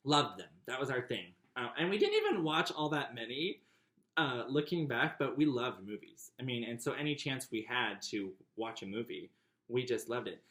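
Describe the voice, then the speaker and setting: A man narrating his personal memoir in a chatty, warm way, with frequent fillers and light laughs. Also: mid-range voice, big pitch swings, moderate pace, reverberant. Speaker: memoir author.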